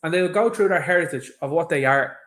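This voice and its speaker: A man's voice: fairly high pitch, fairly quick, fairly bright tone. An Irish man hosting his own show, giving an emphatic, indignant opinion commentary on a clip. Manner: emphatic, indignant, mimics others mockingly. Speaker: show host.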